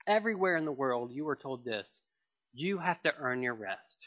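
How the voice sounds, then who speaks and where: A man's voice: mid-range voice, animated, moderate pace, highs cut off. A man preaching a sermon in an earnest way, often repeating and restarting phrases. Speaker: pastor.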